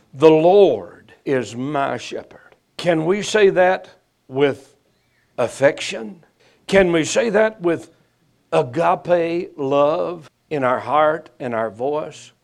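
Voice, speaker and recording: A man preaching a sermon, swelling to loud emphatic peaks and then dropping low and slow.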